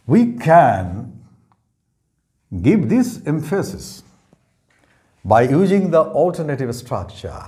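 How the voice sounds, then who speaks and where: A man's voice: on the high side, very animated, slow pace, pauses often, warm tone. A man teaching an English grammar lesson, speaking carefully and repeating each example sentence. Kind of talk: slow explanatory lesson.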